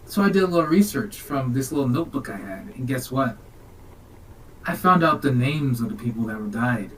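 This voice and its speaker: A man's voice: mid-range voice, animated, a little fast, distant mic, a little hiss or hum, poor audio. A man co-hosting a podcast, recapping a film in a rambling, jokey, casual way. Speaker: podcast co-host.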